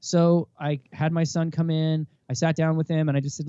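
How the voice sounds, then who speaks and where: A man's voice: a little high, normal speed, few pauses, smooth, no echo, dull audio. A man in his thirties, a podcast guest telling candid stories and acting out bits of dialogue. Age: 30s. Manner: animated storytelling, acts out dialogue. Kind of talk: candid interview talk.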